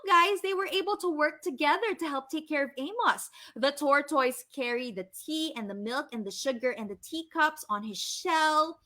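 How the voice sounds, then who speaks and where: A Filipino woman reading a story aloud live for children, animated and gushing, often asking the kids questions. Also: high voice. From Philippines.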